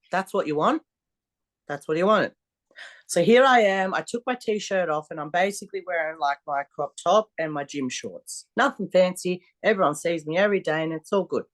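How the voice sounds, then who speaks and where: A woman, a strongwoman athlete telling blunt, swear-filled stories in a casual interview. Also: fairly low pitch. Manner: blunt, swears freely, animated storyteller. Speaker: podcast guest, strongwoman athlete.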